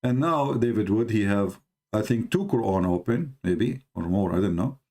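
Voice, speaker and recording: A man from the Middle East, native in Arabic, runs a religious debate live stream and sarcastically comments on a video, mocking it with rhetorical questions in broken English. His fairly low voice is expressive and dark, at a moderate pace.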